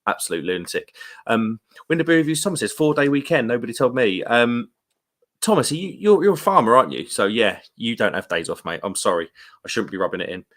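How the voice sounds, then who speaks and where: A man with a British accent hosting a casual live stream, chatty and rambling, with quick laughs and slangy asides. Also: on the low side, expressive, a bit bright. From United Kingdom. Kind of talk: casual live stream chat, reading viewer comments. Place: room at home.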